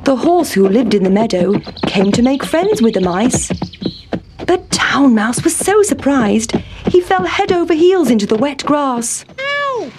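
A woman narrating a children's storybook in a calm, measured reading. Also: high voice, background noise.

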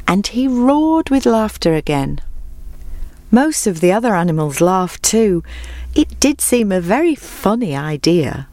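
A woman telling a children's storybook tale in a clear, gentle, measured way. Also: medium pitch, sing-song, no room sound.

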